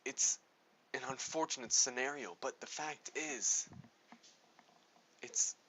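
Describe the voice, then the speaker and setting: A man putting on a grim, halting ship captain. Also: medium pitch, bright, forceful tone, breathy edge, pitched above the performer's own voice, exaggerated voice, poor audio. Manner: halting, dramatic pauses. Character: grim male ship captain fleeing pirates.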